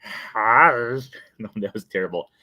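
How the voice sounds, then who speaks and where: A man's voice: fairly low pitch, animated, normal speed, dry recording. A young adult man hosting a casual live stream, chatty and playful, often laughing at himself. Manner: playful and chatty, breaks into sung jingle and laughs. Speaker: host.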